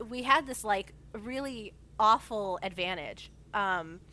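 A woman's voice: mid-range voice, lively intonation, slow pace, sharp tone. A woman in casual conversation, talking enthusiastically and rambling with lots of fillers. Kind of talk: casual chat.

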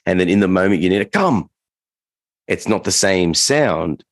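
A man's voice: low-pitched, steady tone, fairly quick, no room sound. A man co-hosting a casual dog-training podcast, rambling loosely with lots of fillers and restarts.

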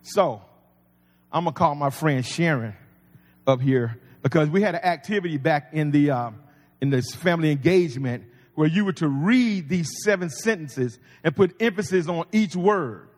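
A man's voice: fairly high pitch, animated, moderate pace. A man preaching a sermon as pastor, folksy and conversational with humor. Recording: long reverb of a large hall.

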